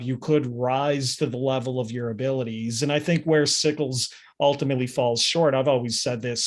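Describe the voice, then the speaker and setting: A man with a mid-pitched, ordinary voice explains his view confidently and with emphasis. He talks in the easy, conversational way of a casual history podcast. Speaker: podcast panelist.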